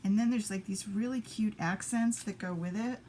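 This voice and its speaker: A woman hosts a relaxed papercraft live stream from her home craft table, chatting with viewers in an easygoing way. She keeps up a running patter of quiet asides to herself as she works, in a mid-range voice. A faint hiss sits behind her. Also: mid-range voice, moderate pace. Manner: chatty, mutters asides to herself while working. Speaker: papercraft demonstrator.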